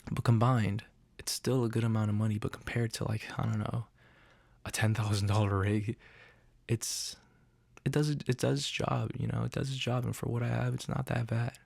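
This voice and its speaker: A man's voice: mid-range voice, flat delivery, moderate pace, vocal fry, darkish tone, no echo. A man hosting a casual gear demo in an untreated home room, rambling with self-deprecating, jokey asides, recorded close on a studio condenser mic. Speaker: channel host. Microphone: studio condenser mic through outboard chain.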